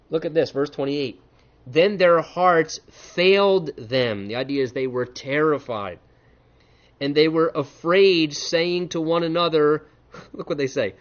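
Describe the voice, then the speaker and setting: A man preaching an expository sermon, reading scripture and acting out the characters' voices with lively animation. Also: fairly high pitch, unhurried. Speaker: pastor. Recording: muffled lo-fi recording.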